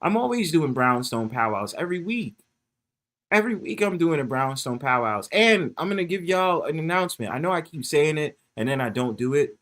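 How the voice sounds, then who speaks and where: A man's voice: on the high side, expressive, a little fast, fairly bright tone. A man hosting a casual livestream from his phone. He swears often, laughs a lot and talks straight to his viewers in the chat. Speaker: livestream host.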